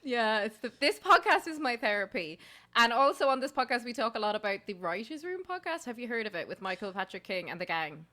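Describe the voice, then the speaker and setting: A woman's voice: a little high, sing-song, fairly quick, pushed and bright. A woman hosting a podcast, chatting casually and enthusiastically, laughing often. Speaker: podcast host. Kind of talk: casual chat.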